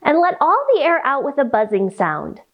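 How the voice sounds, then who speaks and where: A woman leading a children's storytime with yoga instruction, reading aloud in a playful, expressive way. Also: sits high, highs cut off. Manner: animated, playful, slow and expressive.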